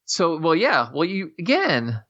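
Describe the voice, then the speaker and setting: A man's voice: fairly high pitch, wildly swooping pitch, a little slow, fairly bright tone. A man telling long casual stories in a rambling way, with many restarts and casual swearing. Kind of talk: casual storytelling chat. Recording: dull lo-fi audio.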